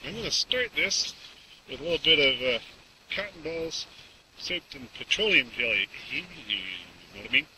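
Recorded from a distance outdoors with background noise, a man speaks at normal speed in a fairly high voice with lively intonation. He casually demonstrates a camp stove, rambling folksily with plenty of fillers.

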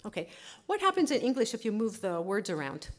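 A woman linguist giving a lively conference lecture, chatty, laughing often and saying "okay" a lot. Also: mid-range voice, a little fast.

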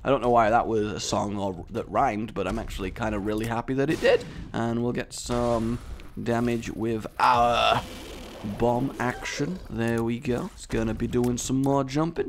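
A man's voice: mid-range voice, moderate pace. A young British man giving jokey, rambling commentary while playing a game, now and then slipping into silly put-on accents. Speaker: gaming commentator. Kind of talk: let's play commentary.

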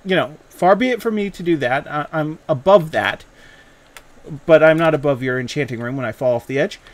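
A man's voice: high-pitched, a bit bright. A young man, a gaming video creator, teasing a rival with mock-pompous banter as he issues a playful challenge.

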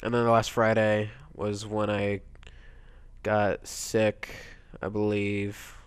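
Stuffy-nosed young gamer, quiet and rambling. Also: male voice, on the low side, takes it slowly, clean tone, no echo. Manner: rambling, quiet, bursts into excited yelps. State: stuffy nose from a cold. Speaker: let's play gamer. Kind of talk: casual gameplay commentary.

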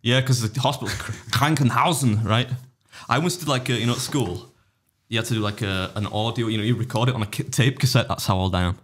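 A man's voice: medium pitch, quick pace, fairly bright tone, slightly rough. A man, co-hosting a podcast in casual, rambling banter that often breaks off and restarts. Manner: rambling, self-interrupting, laughs at own jokes. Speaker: podcast co-host.

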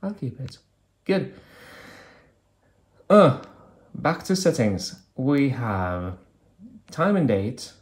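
A man's voice: mid-range voice, very animated, very slow, pauses often. A man reviewing an old phone, talking casually and thinking aloud with hesitant fillers as he clicks through menus. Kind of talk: casual hands-on product demo.

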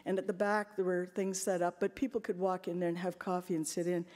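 A woman's voice: on the low side, little pitch movement, fairly quick, darkish tone. A woman giving an earnest, emotional personal testimony at a convention. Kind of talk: heartfelt personal story. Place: large convention hall. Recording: long hall reverb.

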